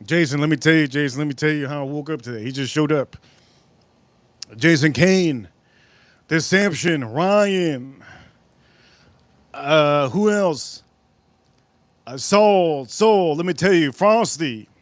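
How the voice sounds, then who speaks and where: A man hosting a casual livestream, rambling and excitable, repeating himself as he chats. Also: a little high, slow pace, long pauses, dry recording. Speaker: livestream host.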